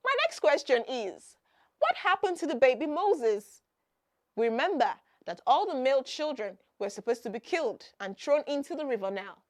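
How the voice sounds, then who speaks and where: High-voiced woman teaching children. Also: sing-song, normal speed. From Nigeria. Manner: questions children directly, then answers and repeats key points with emphasis. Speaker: children's Bible program host. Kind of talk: children's Bible lesson.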